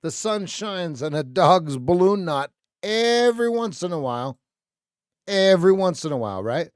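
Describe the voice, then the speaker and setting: A man's voice: high voice, very animated, normal speed, dry recording, clean studio sound. A man hosting a live trading stream, ranting bluntly and sarcastically in casual chat.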